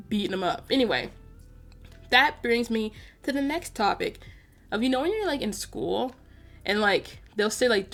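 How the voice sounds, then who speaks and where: Rambling young woman vlogger. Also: mid-range voice. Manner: rambling, exasperated, lots of "like" fillers. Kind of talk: casual chat over gameplay.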